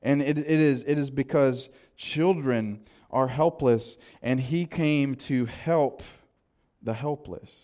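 A man with a Southern American accent, preaching a sermon in a conversational way, with quick asides and restarts. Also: medium pitch, mellow. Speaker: pastor.

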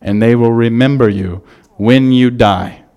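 A man's voice: mid-range voice, unhurried, darkish tone, clean tone, close to an everyday voice. A man voicing his small son's earnest advice while telling a story in a sermon. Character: matter-of-fact little boy.

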